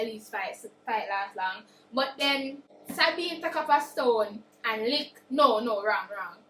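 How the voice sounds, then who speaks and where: High-voiced Jamaican woman retelling a book. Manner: animated, acts out characters' quotes. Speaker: book reviewer. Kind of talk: casual plot retelling. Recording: echoey room with faint noise.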